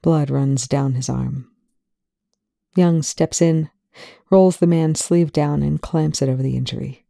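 A storyteller narrates at an even, measured pace. The voice is dark and mellow with a gravelly texture, recorded close in a dry space. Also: mid-range voice, no room sound. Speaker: audiobook reader. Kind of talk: reading fan fiction aloud.

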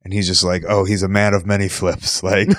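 A man with a lowish voice hosts a laid-back chat and stretches his words out when he asks questions. His voice sounds dry and close to the mic. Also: little pitch movement, brisk, fairly bright tone, dry recording. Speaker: podcast host, wrestler. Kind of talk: casual interview chat.

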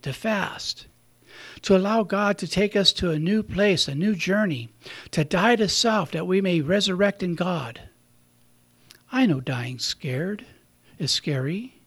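A man giving a conversational sermon, telling stories and laughing at his own slips. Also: sits high. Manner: conversational, warm storytelling, chuckles at himself. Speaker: preacher.

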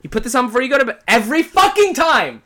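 A man's voice: very high voice, sing-song, fast, sharp tone. A man hosting a podcast, talking in a casual monologue, with a profane, exasperated, comic ranting manner. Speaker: podcast host.

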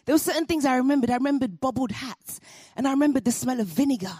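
A woman telling a personal story to an audience, animated and comic with laughing asides. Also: sits high, rapid-fire, husky, no echo, studio quality.

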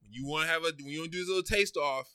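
A man's voice: fairly high pitch, racing, pushed and bright, clear, resonant tone, no room sound, clean studio sound. A man co-hosting a podcast, chatting casually, teasing his friends and stammering when he gets worked up. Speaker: podcast co-host. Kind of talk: casual chat.

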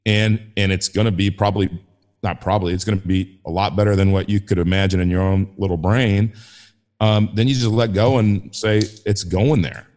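A man with a fairly low voice talks as a podcast guest in a casual faith conversation. He comes across as enthusiastic and rambling, often restarting his sentences. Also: flat delivery, fairly quick, a little mellow.

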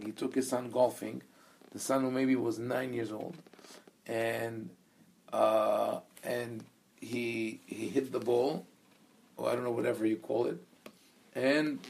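A man's voice: medium pitch, vocal fry. A man teaching a Bible discussion in an earnest, thoughtful way, telling anecdotes and quoting Hebrew. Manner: reads a Hebrew verse aloud. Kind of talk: conversational teaching.

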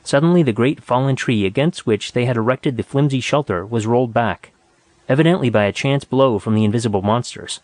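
A man reading a story aloud in a steady, measured narration. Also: mid-range voice, no echo. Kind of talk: audiobook narration.

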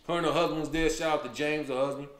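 Slangy comedian host in an echoey room. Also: male voice, a little high, fairly even intonation, very fast. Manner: loose, slangy storytelling, lots of "man". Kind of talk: casual podcast chat.

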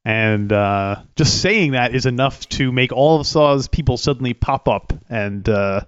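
A man's voice: mid-range voice, measured pace, clean tone, no room sound, muffled recording. A man co-hosting a casual podcast, asking questions and chatting along. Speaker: podcast co-host. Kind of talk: casual chat.

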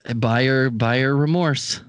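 A man's voice: mid-range voice, slow pace, clean tone, no echo. A man in casual chat, telling rambling stories with himself amused and jumping into comic quoted voices.

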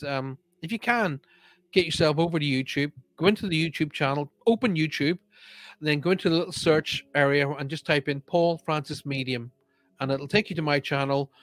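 Male medium hosting a casual live show, chatty and cheerful, slightly high voice, dry close recording. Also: a bit bright, dry recording. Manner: chatty and upbeat, greeting viewers by name. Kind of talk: casual live-stream chat.

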